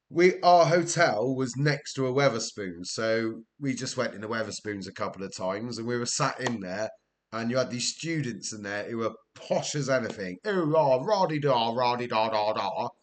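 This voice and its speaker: A man's voice: medium pitch, normal speed. Chatty Welsh man streaming a game. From Wales. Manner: chatty storyteller, laughs often, answers chat. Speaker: gaming streamer. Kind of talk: casual live-stream chat over gameplay.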